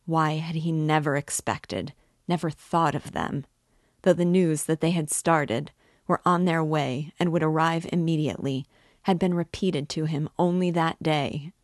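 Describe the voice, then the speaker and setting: A woman reading a classic novel aloud in a measured, even way. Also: sits low, no room sound, clean studio sound. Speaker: reader and guide.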